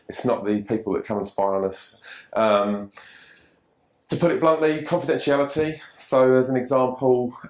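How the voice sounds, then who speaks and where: New man, low voice, presenting to an audience, echoey room, chatty with restarts. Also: a little mellow. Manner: conversational, repeats words and restarts often. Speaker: presenter from an online safety group. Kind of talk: seminar talk with audience questions. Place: meeting room with live audience.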